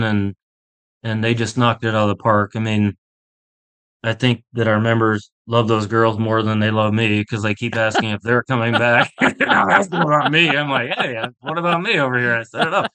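A man's voice: mid-range voice, flat delivery, moderate pace, a bit bright, clean tone. A man from Pittsburgh, a golf instructor, chatting as a podcast guest, enthusiastic and rambling, laughing often as he tells stories. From Pittsburgh, USA. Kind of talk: casual interview chat.

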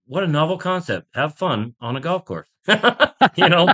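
A man's voice: a little high, big pitch swings, moderate pace, pushed and bright. A man from Pittsburgh, a golf instructor, chatting as a podcast guest, enthusiastic and rambling, laughing often as he tells stories. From Pittsburgh, USA. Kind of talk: casual interview chat.

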